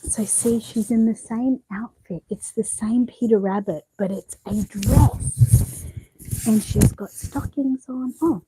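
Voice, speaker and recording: An Australian woman chatting casually at home as she shows off outfits, rambling and often dropping to a hushed voice. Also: a little high, a little hiss or hum. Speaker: vlogger showing reborn dolls. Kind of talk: casual show-and-tell chat. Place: home bedroom.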